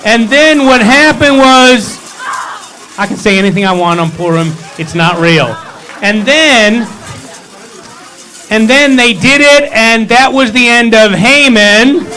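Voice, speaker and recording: A man's voice: very high voice, expressive, slow, bright, forceful tone, poor audio. A man leading a service, telling a holiday story with humor and playful asides in a sanctuary. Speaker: service leader.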